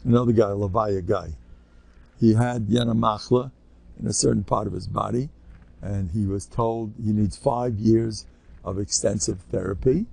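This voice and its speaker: Gravelly older man telling animated stories. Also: lowish voice. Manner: animated, jokey, acts out quoted people, mixes in Hebrew and Yiddish terms. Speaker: rabbi. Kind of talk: storytelling talk to a live audience.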